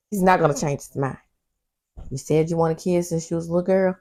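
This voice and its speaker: A woman's voice: on the low side, steady tone, a little fast, a little mellow. A woman doing a casual TV recap vlog, sassy and talking back at the characters, with personal side stories. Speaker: TV recap host.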